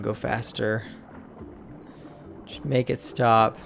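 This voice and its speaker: A man with an average-pitched voice grumbles his way through a video game at an unhurried pace, exasperated and swearing mildly. He is a let's play host talking casually to his audience, with faint game music underneath. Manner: grumbling, exasperated, mild minced oaths. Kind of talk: casual gameplay commentary.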